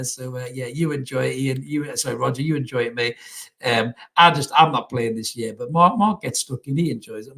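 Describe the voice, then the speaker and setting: A man's voice: mid-range voice, a bit bright. A young man hosting a casual football chat show alone, blunt and sweary, full of laddish banter. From North East England. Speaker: podcast host.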